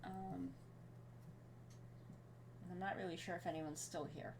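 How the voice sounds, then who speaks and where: A woman's voice: fairly low pitch, steady tone, slow pace, noisy background. A sleepy woman streaming and chatting casually, rambling with many fillers. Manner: baby talk to her cat. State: sleepy, yawning.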